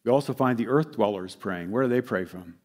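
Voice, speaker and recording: A man in the middle of a sermon, preaching to a congregation. His voice sits at an ordinary mid pitch. It rises in loud, urgent swells and then falls away to quiet, low closes. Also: a little fast. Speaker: pastor.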